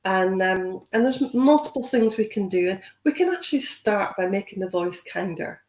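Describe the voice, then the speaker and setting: A woman's voice: mid-range voice, lively intonation, normal speed, a little mellow, slight background noise. Encouraging woman in an echoey room. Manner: encouraging, conversational, many "you know" fillers. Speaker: webinar trainer. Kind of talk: webinar talk.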